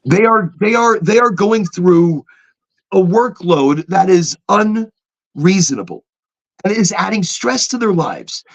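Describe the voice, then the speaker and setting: A man in casual podcast conversation, his voice sitting high and moving in broad, animated swoops. There is a gravelly fry under his words, and he leans on repetition to press his points. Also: unhurried. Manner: animated, mimics robotic phone voices, emphatic repetition. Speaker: podcast co-host.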